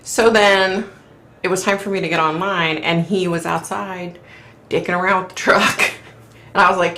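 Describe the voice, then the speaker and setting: A woman's voice: on the low side, moderate pace, vocal fry, sharp tone, reverberant. A middle-aged woman hosting a live stream from home, chatting casually in a rambling way and laughing often. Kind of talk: casual chat.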